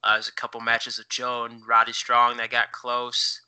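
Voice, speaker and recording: A man's voice: medium pitch, completely flat delivery, moderate pace, bright, forceful tone, smooth, low-quality recording. A man co-hosting a podcast in casual chat, rambling with many fillers as he looks things up while talking. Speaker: podcast co-host.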